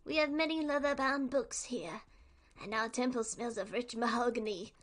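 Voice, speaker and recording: A woman reading aloud the lines of welcoming temple cats in a game, in a formal, measured way. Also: a little high, natural voice.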